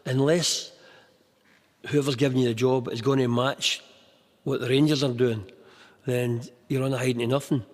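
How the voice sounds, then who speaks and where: Man, documentary interviewee, plain and flat. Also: mid-range voice, moderate pace, pauses often, in a large hall. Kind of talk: interview recollection.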